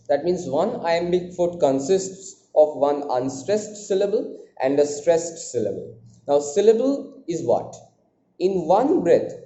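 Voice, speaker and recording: Brief: male literature lecturer, dark and mellow timbre, fairly high voice, patient, repetitive explaining; echoey lo-fi recording. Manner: repetitive explaining, frequent "now" and "uh". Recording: echoey room, dull lo-fi sound, faint noise.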